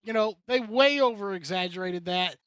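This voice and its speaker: A man's voice: high voice, normal speed, fairly bright tone, clean tone, no echo. Opinionated man ranting about racing. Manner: rambling and opinionated, with filler-heavy restarts. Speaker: co-host commentator.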